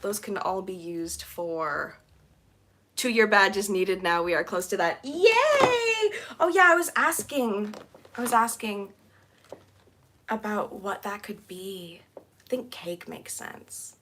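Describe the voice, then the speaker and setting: A young woman live streaming while she cleans, chatting casually with giggly, rambling asides and excited squeals. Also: mid-range voice, slow pace, a little hiss or hum. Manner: bubbly, squealing excitedly at new members.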